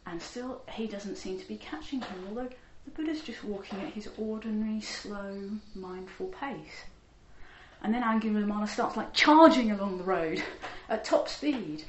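A woman tells a teaching story with lively energy, stopping for ums and small laughs as she warms up. Her voice carries through a roomy hall, and a faint background hum sits underneath. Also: medium pitch, normal speed, highs cut off. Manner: animated, laughing, many fillers, acts out voices. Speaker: Buddhist teacher. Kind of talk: storytelling dharma talk.

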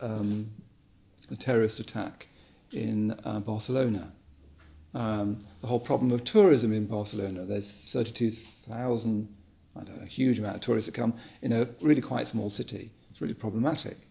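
Gravelly-voiced man musing in a talk. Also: mid-range voice, mellow. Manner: musing, repeats words, many ums. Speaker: speaker giving a talk. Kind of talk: reflective spoken talk.

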